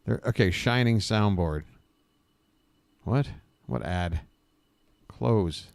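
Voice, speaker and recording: A man's voice: on the low side, lively intonation, slow, vocal fry, pauses often, a little mellow, no room sound. A man hosting a live stream, riffing with sarcastic jokes in a rambling, self-interrupting way. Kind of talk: casual live-stream commentary.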